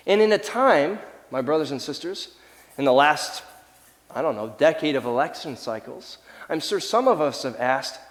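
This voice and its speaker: A man preaching a sermon as the pastor, lively and animated, sometimes acting out the voices of people in his story. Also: fairly high pitch, normal speed, long reverb tail. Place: church sanctuary.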